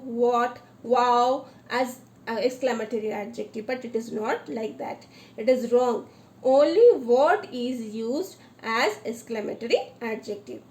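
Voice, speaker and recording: A woman's voice: sits high, darkish tone, echoey room. A woman with an Indian English accent teaching English grammar and switching into Hindi, asking the class questions and repeating each example with emphasis.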